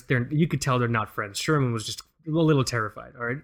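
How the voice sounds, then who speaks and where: A male podcast host tells a story casually and animatedly, acting out quotes and laughing often. He speaks fast in a mid-range voice with few pauses.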